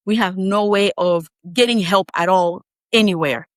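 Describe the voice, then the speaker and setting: A woman tells a personal story in a lively, chatty way, breaking into laughs and quick asides. Her pitch sits in an ordinary middle range. The recording is dry and close, with no room echo. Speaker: podcast guest. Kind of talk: casual storytelling.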